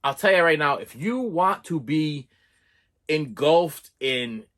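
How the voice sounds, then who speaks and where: A man giving a rambling, animated horror movie review, mocking the characters in put-on voices. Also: fairly high pitch, slow pace, heavy background noise.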